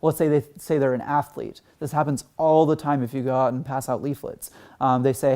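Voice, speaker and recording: Mellow-voiced man giving an earnest talk. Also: medium pitch, steady tone, a little fast. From Texas, United States. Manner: earnest, with frequent fillers like "um" and "like". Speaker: conference speaker. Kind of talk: conference talk.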